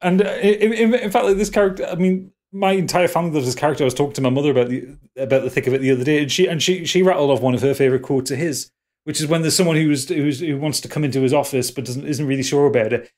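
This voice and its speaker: Rambling Geordie man with a higher voice. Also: fairly even intonation, very fast, darkish tone. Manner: rambling with fillers and restarts. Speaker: podcast host. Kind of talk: casual chat.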